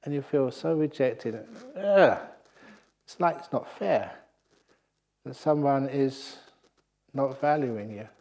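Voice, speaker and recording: Male monk, retreat talk, animated storyteller, mid-pitched voice. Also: slow pace. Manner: lively storytelling, laughs at own jokes. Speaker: Buddhist monk teacher. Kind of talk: dharma talk at a meditation retreat.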